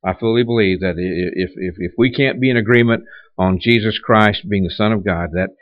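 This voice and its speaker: A man's voice: fairly low pitch, a little fast, no room sound, highs cut off. A man preaching a sermon in a conversational way, with rhetorical questions and many restarts. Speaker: pastor.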